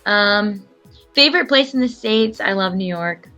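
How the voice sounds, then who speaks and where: A young woman chatting as a guest in a very bright, sharp voice. She sounds upbeat and pauses on "um" and "like", with faint music behind her. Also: mid-range voice, animated. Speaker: guest, game show contestant. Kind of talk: casual chat.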